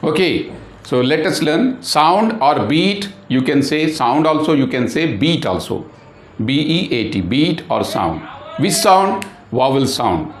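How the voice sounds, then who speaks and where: A man's voice: on the high side, big pitch swings, measured pace, slight background noise. A man teaching a lesson, repeating points and spelling words out letter by letter. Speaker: English teacher. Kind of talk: classroom lesson at a board. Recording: echoey room.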